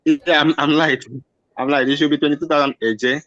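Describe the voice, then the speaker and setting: A man reading out donation updates on a call, hesitant and full of pauses. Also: fairly high pitch, fairly even intonation, fairly bright tone, dry recording, dull audio. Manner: hesitant, many uhs. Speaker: state donations reporter.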